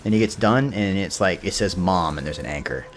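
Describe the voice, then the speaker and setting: A man's voice: sits low, expressive, fast. A man streaming a video game, chatting and joking with historical asides. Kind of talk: gameplay commentary.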